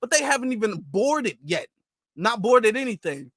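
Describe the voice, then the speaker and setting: Young male vlogger with a high voice, animated casual storyteller, close dry mic. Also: normal speed, dry recording. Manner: animated, laughing, loose slang.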